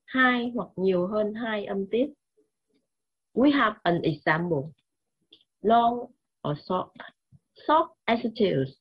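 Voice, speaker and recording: A woman with a Vietnamese accent teaching English grammar slowly and repeating key words. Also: mid-range voice, husky, muffled recording. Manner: slow, repetitive, mixes languages. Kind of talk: classroom grammar lesson.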